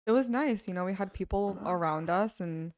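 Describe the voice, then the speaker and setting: Smooth, teasing young woman. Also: mid-range voice, moderate pace, darkish tone, dry recording, clean studio sound. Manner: teasing, blunt. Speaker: podcast co-host. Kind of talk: casual chat.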